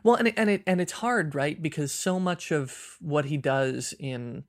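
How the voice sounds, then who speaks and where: A man with a gravelly, creaky voice discusses films on a podcast. He thinks aloud, restarting sentences as he searches for words. The recording is dry and close. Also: on the high side, normal speed, no echo. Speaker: podcast co-host. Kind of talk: casual film discussion.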